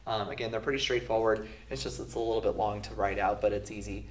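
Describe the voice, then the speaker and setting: Sick male teacher in an echoey room. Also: lowish voice. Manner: relaxed, many ums, walks through steps slowly. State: sick, voice sounds off. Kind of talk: recorded math lesson. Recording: roomy echo.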